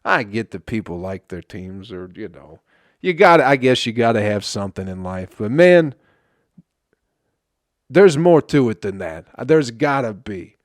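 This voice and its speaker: A male comedian hosting a solo podcast, ranting in an exasperated, profane way with sudden loud outbursts. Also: fairly low pitch, big pitch swings, unhurried, dry recording, clean studio sound. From Flint, Michigan.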